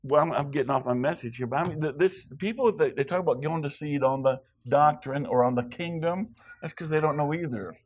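A man's voice: fairly high pitch, a little fast. A guest preacher from Wyoming, a man rambling with joking asides in a church sermon before reading scripture.

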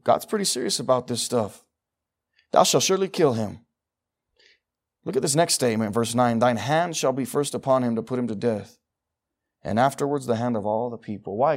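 A man preaching a sermon, moving between quiet, intimate asides and loud, emphatic passages as he reads scripture. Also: medium pitch, normal speed.

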